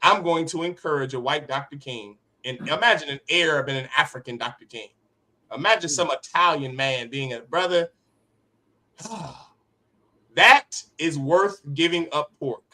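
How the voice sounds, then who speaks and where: Fiery, bright-voiced male preacher. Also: fairly high pitch, normal speed. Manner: impassioned, rhetorical, sharp swings in loudness. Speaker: teacher leading a class. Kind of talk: street-preacher sermon.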